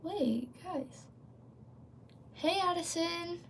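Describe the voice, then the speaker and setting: A woman's voice: very high-pitched, drawn-out words, a little hiss or hum. A woman hosting a casual livestream, rambling with lots of fillers and breaking off to read and answer chat. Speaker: livestream host.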